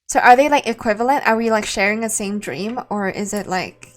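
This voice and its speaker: A woman's voice: medium pitch, fairly quick, a little hiss or hum. A woman streaming a game, chatting casually and thinking aloud, laughing easily. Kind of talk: casual let's-play commentary.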